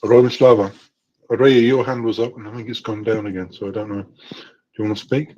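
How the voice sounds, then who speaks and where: Upbeat low-voiced man on lo-fi stream. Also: steady tone, brisk, a little mellow, slight background noise. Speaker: speaker in a live audio space. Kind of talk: casual live chat. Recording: dull, lo-fi online audio.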